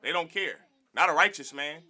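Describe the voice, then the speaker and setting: A man teaching a Bible class in a lively preaching manner, calling for response from the room and mimicking other people's voices. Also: fairly high pitch, normal speed.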